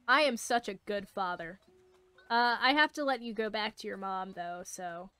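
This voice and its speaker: A woman's voice: medium pitch, moderate pace, bright, forceful tone, clean tone, faint music behind. A young woman doing playthrough commentary, playful and jokey, swearing freely and putting on silly voices as she reads the game's lines aloud. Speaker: let's player.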